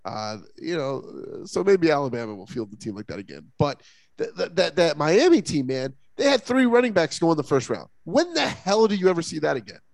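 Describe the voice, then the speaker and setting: Sports podcast co-host, gravelly voice, swinging pitch, dry close mic. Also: male voice, a little fast, no room sound. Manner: rambling, animated, many fillers and restarts. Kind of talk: casual sports talk.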